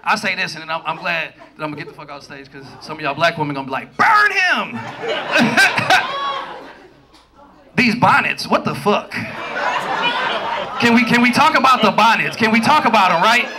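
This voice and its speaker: A man doing a stand-up comedy set on a club stage, loud and profane, acting out his partners in quick voices. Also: high-pitched, heavy background noise. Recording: live club with loud crowd laughter.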